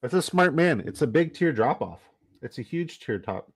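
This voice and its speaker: A man's voice: medium pitch, big pitch swings, normal speed, breathy edge. A man chatting casually and profanely on a live stream while drafting fantasy football, joking and laughing as he trash-talks the other players.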